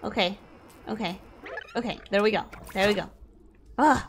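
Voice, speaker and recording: A woman streaming a game, reacting excitably, swearing freely and answering her chat. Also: mid-range voice, moderate pace, slight background noise. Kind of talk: live gameplay commentary with chat replies.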